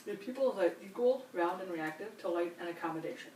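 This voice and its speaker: Calm woman walking a patient through an exam. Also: on the low side, fast talker. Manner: calm, step-by-step instructions with frequent reassurance. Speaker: nurse examiner. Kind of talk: clinical demonstration. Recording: roomy, distant mic, faint hiss.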